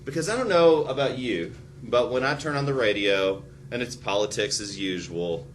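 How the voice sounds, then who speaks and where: A man giving a college history lecture, animated and wry, with sarcastic asides. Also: moderate pace, a little hiss or hum. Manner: animated, acts out quotes with big pitch jumps.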